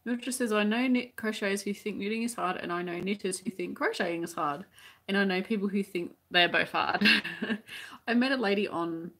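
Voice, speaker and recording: A woman's voice: medium pitch, normal speed, fairly bright tone. An Australian woman who teaches crochet, chatting casually on a live stream as she reads out viewer comments, rambling with many restarts.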